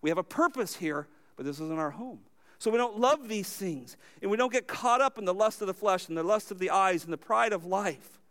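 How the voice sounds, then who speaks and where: A high-pitched man delivers a sermon with real emphasis. He poses questions to the congregation and answers them himself, his voice leaping up loud and then sinking low and soft. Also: animated, fairly quick. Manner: emphatic, swinging between loud high lines and low quiet ones. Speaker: pastor.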